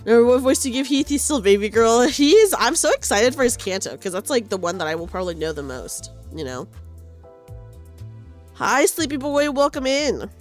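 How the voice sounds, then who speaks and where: Brief: lively chatty young woman streamer, animated pitch, soft game music underneath. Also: fast, hardly any pauses. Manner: chatty, giggly, reads game lines aloud. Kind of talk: live game stream commentary.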